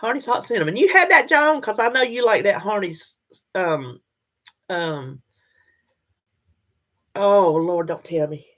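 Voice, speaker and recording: A woman's voice: lowish voice, slow pace, pauses often. An older woman, chatting casually and directly to her viewers in a vlog. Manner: chatty, animated, talks straight to viewers. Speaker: vlogger.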